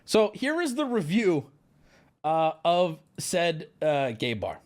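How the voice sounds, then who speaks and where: Male streamer host, casual storyteller. Rambling, self-deprecating, animated pitch. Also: takes it slowly. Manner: rambling, self-mocking, stammering restarts.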